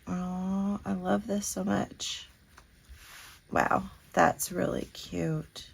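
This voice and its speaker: Lady crafter doing an unboxing, real gravelly voice, kinda husky, chatty and gushy w lots of ums. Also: mid-range voice, slow. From Kentucky. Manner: chatty, gushing, fillers. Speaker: crafting channel host. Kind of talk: casual unboxing vlog.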